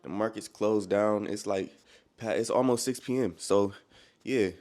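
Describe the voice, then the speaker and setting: Unhurried and a little mellow, this twentysomething man's voice sits on the low side. He's a bit winded as he gives an easygoing, slangy vlog about his day trading, updating viewers on the market and addressing them as bro.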